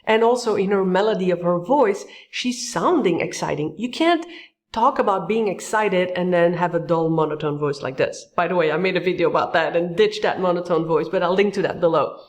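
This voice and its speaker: Give me a woman speaking coach talking through video clips, lively, acting out her example lines. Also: a little fast. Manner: lively, acts out example phrases with big pitch jumps. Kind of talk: tutorial commentary on video clips.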